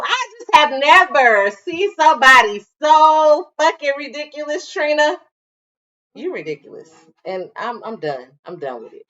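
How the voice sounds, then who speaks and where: A high, bright woman talks blunt and profane, her pitch leaping all over as she rants. She sounds a little far from the mic, with a dull, muffled recording. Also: big pitch swings, unhurried. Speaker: co-host of a reality TV review show. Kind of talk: casual chat.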